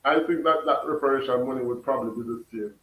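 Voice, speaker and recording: A man's voice: medium pitch, rapid-fire, distant mic, a little hiss or hum. Jamaican man chatting in an echoey room. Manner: laughs often, questions his chat, mixes patois. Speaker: livestream host reading chat. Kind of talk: casual chat. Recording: echoey room, away from the mic.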